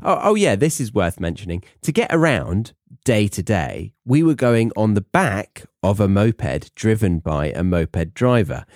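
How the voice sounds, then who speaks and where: Young british guy, host, low voice, casual self-deprecating monologue, dry close mic. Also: big pitch swings, unhurried, darkish tone, no echo. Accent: British English. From England. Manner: chatty, self-mocking, rambling asides. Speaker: podcast host. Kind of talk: casual monologue for English learners.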